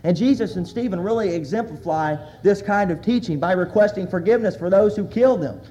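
A man's voice: sits high, brisk, mellow. A man preaching a sermon as a pastor, earnestly reading scripture aloud with emphasis.

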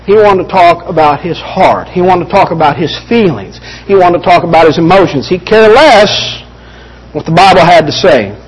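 A man's voice: high-pitched, normal speed. A man preaching a sermon from Texas in an earnest way that rises to stern, emphatic points. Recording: dull muffled sound.

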